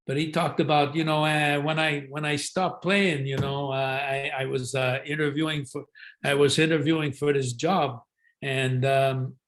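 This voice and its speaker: A man's voice: fairly high pitch, little pitch movement, moderate pace, a bit bright. An older man, a guest actor, telling stories in a casual interview, rambling with many fillers and restarts. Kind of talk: casual interview talk, storytelling.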